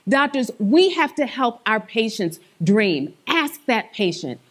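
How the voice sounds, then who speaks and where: A woman giving a motivational conference presentation on stage, with emphatic, animated inflection. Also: fairly high pitch, slow, hardly any pauses. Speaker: conference speaker.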